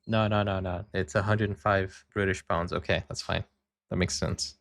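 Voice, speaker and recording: A man hosting a reaction video, talking casually and hesitantly with many pauses and laughs. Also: low voice, steady tone, vocal fry, a bit bright, no room sound. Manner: hesitant, many fillers and restarts, laughs often.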